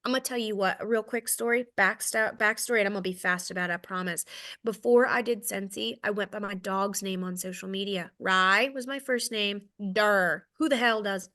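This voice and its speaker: A woman's voice: mid-range voice, a little fast, pushed and bright. A woman in her thirties with a Southern American accent, giving a casual, candid sales training talk, self-deprecating and checking in with "okay?" often. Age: 30s.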